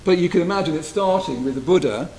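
A man giving a gentle, reflective Buddhist retreat talk, often checking in with his listeners. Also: a little high, lively intonation, fast, a little hiss or hum, rough recording. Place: retreat hall.

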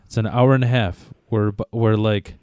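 A man tells a long, profane story in loose podcast chat. His voice is dark and mellow, and it sits dry and close with no room sound. He keeps stopping and restarting his sentences. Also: lowish voice, steady tone, normal speed, clear, resonant tone, dry recording. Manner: rambling, profane, self-interrupting. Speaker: podcast co-host.

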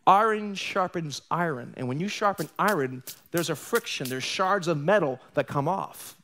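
A fairly high-voiced man delivering a live sermon from a church. He preaches in an animated storytelling way, with joking asides, and acts out the lines of the people in his stories. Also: moderate pace, slight background noise. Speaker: pastor. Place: church sanctuary.

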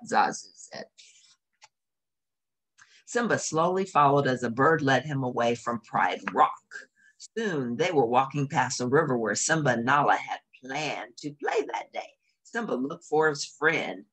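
A woman reading a children's storybook aloud with an expressive, animated delivery. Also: extremely low pitch, unhurried.

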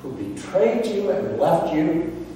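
A pastor voicing a resentful older brother, a grown farm son who speaks with indignant emphasis. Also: male voice, on the high side, very animated, slow, warm tone, soft background music, pitched above the performer's own voice. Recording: echoey hall from far off.

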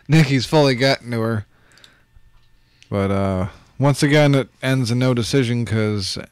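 Male co-host, lowish voice, dry close sound, easygoing recap delivery. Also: clean tone, dry recording. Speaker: podcast co-host. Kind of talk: casual wrestling chat.

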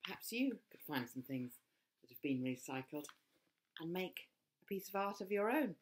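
A woman reading her own picture book aloud for children, expressive, dropping to whispers and rising to loud cries. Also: on the low side, normal speed, slight background noise. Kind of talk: storybook read-aloud for children.

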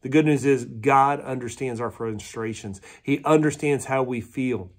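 A male pastor from preaching a sermon, retelling a parable with animated character voices, then dropping to hushed tones for tender lines. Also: medium pitch, moderate pace.

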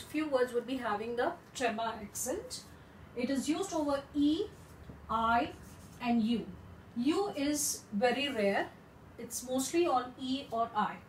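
Lady teacher going slow over each word, mic a bit far off, faint hum behind. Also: sits high, reverberant. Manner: slow, careful, repeats words for practice. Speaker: French teacher. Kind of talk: explaining a language lesson.

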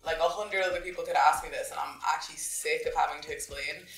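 A woman's voice: low voice, fairly even intonation, fast talker, a bit bright. A young woman with an Irish accent, speaking earnestly and emphatically in a casual group discussion. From Ireland. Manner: earnest, emphatic, weary of the questions. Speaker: panel guest. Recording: distant roomy sound with faint music.

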